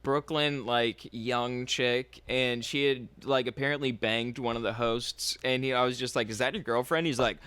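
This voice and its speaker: Man, bright crisp voice, dry close sound, rambling comedy podcast story. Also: mid-range voice, steady tone, normal speed, hardly any pauses, no echo. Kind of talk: casual storytelling chat.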